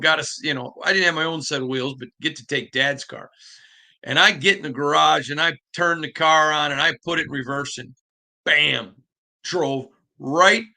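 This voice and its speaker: A man hosting a sports podcast, telling stories in an animated, conversational way with frequent restarts. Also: mid-range voice, creaky. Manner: animated storytelling with repeated restarts. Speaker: podcast host. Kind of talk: casual podcast monologue.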